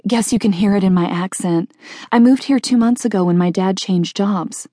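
A woman voicing a friendly young female college freshman with a soft Southern drawl. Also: medium pitch, moderate pace, no room sound, studio quality, voice pushed up, lightly acted.

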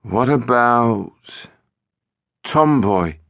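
A man's voice: medium pitch, drawn-out words, creaky, dry recording, exaggerated voice. A man voicing a mysterious teenage boy on the phone in an audiobook, evasive and tetchy. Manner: evasive, flat insistence turning tetchy. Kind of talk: audiobook narration.

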